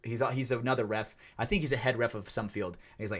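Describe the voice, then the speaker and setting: A man co-hosting a podcast, telling a long story in a casual, animated way with lots of swearing. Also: medium pitch, quick pace. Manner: animated, profane, acts out quotes. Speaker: podcast co-host.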